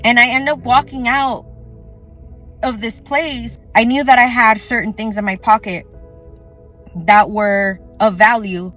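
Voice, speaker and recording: A woman's voice: fairly high pitch, steady tone, a little slow, fairly bright tone, faint music behind. A woman telling a personal faith testimony in an earnest, chatty way, often saying "like" and acting out what others said. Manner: earnest, chatty, full of "like" and quoted dialogue. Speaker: faith vlogger.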